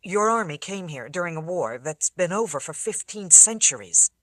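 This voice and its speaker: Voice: medium pitch, animated, moderate pace, a bit bright, no echo, natural voice. An audiobook reader voicing an earnest young traveler who talks in a reassuring, kind-hearted way. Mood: steady. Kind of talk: audiobook character voice.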